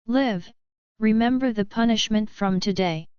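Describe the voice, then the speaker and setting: A woman voicing a possessive, menacing young man who speaks softly, in a slow, very smooth voice. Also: mid-range voice, dry recording, lo-fi sound, close to an everyday voice. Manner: soft, threatening.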